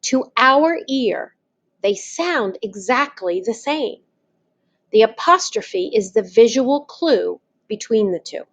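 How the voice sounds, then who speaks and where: Slow, patient woman teaching a lesson. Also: a little high, sing-song, gravelly. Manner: patient, spells things out step by step. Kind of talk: slow, deliberate classroom explanation.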